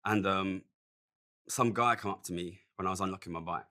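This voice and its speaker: A man's voice: low voice, a little fast, bright, forceful tone. A man telling a story earnestly and emphatically in a played clip, often pressing his point with "okay?". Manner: emphatic, repeats "okay?" and "listen".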